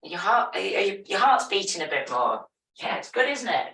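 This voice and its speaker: A woman teaching a yoga class, giving calm, step-by-step movement and breathing cues. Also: mid-range voice, brisk, vocal fry. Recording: echoey room, voice from a distance.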